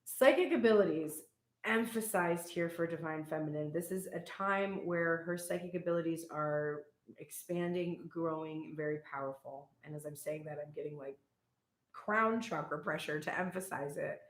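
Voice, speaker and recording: A woman's voice: low-pitched, moderate pace. A young woman reading tarot in a casual, irreverent and profane way, laughing as she tells stories. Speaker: tarot reader. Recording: echoey room.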